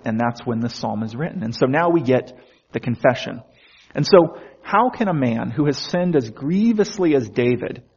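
Husky-voiced male pastor preaching casually. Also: medium pitch, darkish tone, lo-fi sound. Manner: conversational preaching, acts out biblical speakers in quoted asides. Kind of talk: sermon.

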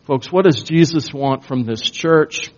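A man delivers a sermon from the pulpit, slow and emphatic, often pushing up into forceful bursts. His voice sits a bit high for a man. The recording sounds dull and lo-fi. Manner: slow, emphatic preaching with rising bursts of intensity. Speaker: pastor.

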